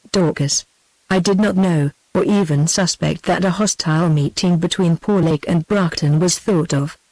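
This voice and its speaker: A woman's voice: lowish voice, a little mellow, no echo, lightly acted, rough recording. Synthetic British woman reading a grave young lord. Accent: British English. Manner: solemn and a little haughty. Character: grave, formal young nobleman.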